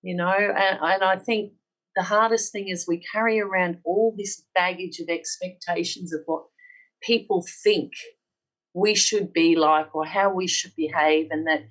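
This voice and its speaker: A woman's voice: lowish voice, fairly even intonation, unhurried, rough recording. A middle-aged woman with an Australian accent, earnestly telling her personal story on a podcast and acting out the dialogue she quotes. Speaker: podcast guest.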